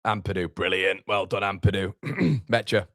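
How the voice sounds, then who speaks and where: A man's voice: low-pitched, moderate pace, a bit bright, dry recording, studio quality. A man hosting a live football watchalong, chatting casually, reading out viewer comments and reacting to the match. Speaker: fan channel host.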